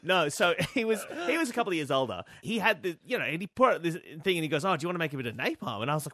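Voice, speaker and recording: Animated man telling a story. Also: on the high side, rapid-fire, hardly any pauses, no room sound. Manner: animated, acts out voices in his stories. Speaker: co-host. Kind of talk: comic storytelling chat.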